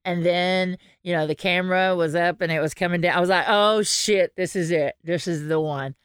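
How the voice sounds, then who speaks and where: Animated, swearing woman podcaster. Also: fairly low pitch, a little fast, clear, resonant tone, no echo, clean studio sound. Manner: animated storyteller, swears freely, laughs often. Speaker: podcast co-host. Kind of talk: casual podcast chat.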